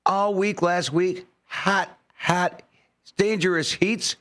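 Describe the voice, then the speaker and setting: A man's voice: high-pitched, fairly even intonation, slow, fairly bright tone. A man co-hosting morning radio in a studio, ranting in an exasperated, theatrical way. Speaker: radio co-host. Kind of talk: comic rant on morning radio.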